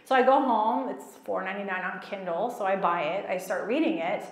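A woman giving a personal, storytelling talk at a faith gathering, lively and self-mocking, often laughing at herself. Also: mid-range voice, brisk. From child of Egyptian parents, raised in America. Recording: echoey hall.

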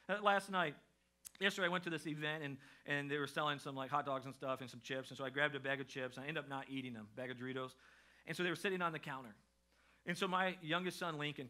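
A middle-aged man preaching a sermon as pastor in a church, in a conversational style that rises in intensity. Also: high voice. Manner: conversational preaching with a lively rising delivery. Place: church sanctuary.

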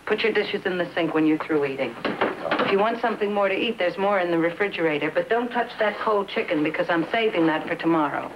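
An actress playing a fed-up, fussing wife who nags her family, in a 1960s TV drama on an old soundtrack with clear hiss. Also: on the low side, fast, dull audio, natural voice. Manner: exasperated, nagging.

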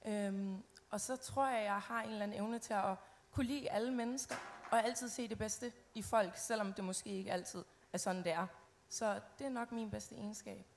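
An enthusiastic young woman answers a host's question on a pageant stage. Her phrases run on eagerly, at a middling pitch for a woman. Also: fairly even intonation, a little fast, a little hiss or hum. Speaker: pageant contestant.

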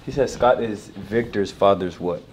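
A man hosting a casual chat, animated and repeating questions back as he works them out. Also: fairly low pitch, moderate pace, a little hiss or hum, rough recording. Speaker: channel host.

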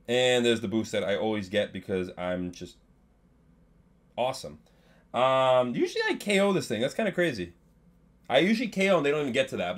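A young man commentating his own live game stream, chatting with his viewers and swinging between low mumbles and loud outbursts. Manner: excitable, swings from mumbling to yelling, banters with chat.

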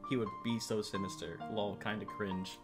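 A man's voice: on the low side, level tone, moderate pace, faint music behind. A man co-hosting a visual novel playthrough, cracking jokes and teasing his partner, often laughing as he talks. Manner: joking, teasing, laughs through his lines. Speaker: co-host of a let's-play. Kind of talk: casual banter during a playthrough.

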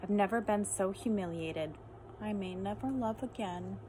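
A woman reading humorous poems aloud with deadpan, dry comic timing. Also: medium pitch, normal speed, background noise. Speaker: reader.

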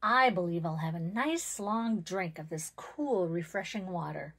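Fields: Figure: contented, thirsty honey locust tree, read by a woman. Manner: relaxed, soft, a little lower. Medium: storybook. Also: a little slow.

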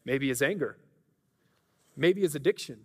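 A man's voice: fairly high pitch, animated, moderate pace, breathy edge. A man preaching a sermon in a church, earnest and conversational, often restarting his sentences. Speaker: pastor. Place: church sanctuary. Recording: reverberant church hall.

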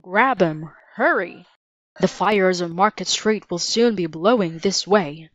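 A woman's voice: fairly low pitch, takes it slowly, no room sound. A woman reading aloud and voicing a careful, brusque grown man in a storybook. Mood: firm. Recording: dull lo-fi dry recording.

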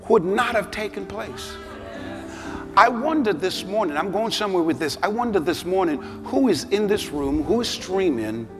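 A middle-aged man preaches in a sanctuary, his voice pitched high and full of animated storytelling. The sound carries a long hall reverb. Music plays clearly beneath him. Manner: animated storytelling, rising to shouted altar call. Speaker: bishop, pastor. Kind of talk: sermon. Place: large church sanctuary.

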